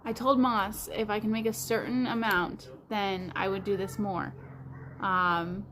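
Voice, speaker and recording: A woman's voice: fairly high pitch, a bit bright, a little hiss or hum. A woman hosting a livestream in casual chat, rambling along with lots of fillers like "like". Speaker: livestream host.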